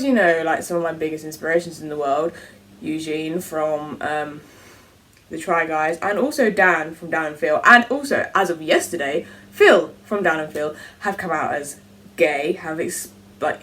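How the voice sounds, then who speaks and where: A woman's voice: on the low side, far from the mic. A teenage girl from England with an English accent, chatting to camera in a casual, self-mocking vlog. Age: teens. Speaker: vlogger.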